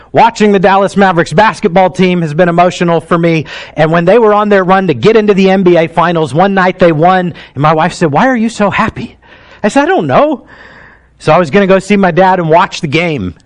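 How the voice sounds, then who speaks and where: A pastor in his thirties preaches a sermon with a fairly high pitch. He tells stories in an emotional, heartfelt way, dropping quiet before rising to emphasis.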